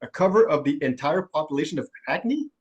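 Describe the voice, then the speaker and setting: A man co-hosting a casual talk show, speaking hesitantly with pauses and restarts. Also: fairly high pitch, sing-song. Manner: hesitant, many fillers and restarts. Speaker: co-host. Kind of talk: casual chat.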